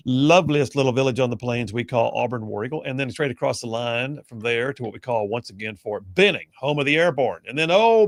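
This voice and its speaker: A man hosting a talk radio show, energetic and folksy. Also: medium pitch, vocal fry, dry recording, studio quality. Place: radio studio.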